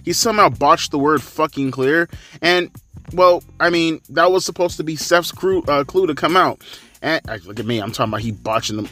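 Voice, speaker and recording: Forceful, profane ranting man. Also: fairly high pitch, normal speed. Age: 30s. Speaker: wrestling commentator. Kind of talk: ranting commentary.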